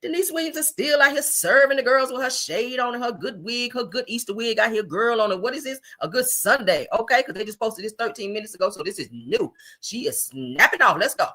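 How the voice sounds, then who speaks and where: Woman gossip host, sassy and expressive, lively pitch, bright and forceful tone. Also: brisk, hardly any pauses. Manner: sassy, animated, says "honey" and "child" a lot. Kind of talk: casual gossip commentary.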